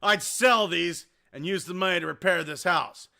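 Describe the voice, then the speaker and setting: A man voicing a loud, overexcited male home insurance inspector who shouts, swears and gushes. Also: high voice, normal speed, creaky, heavily acted. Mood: boastful.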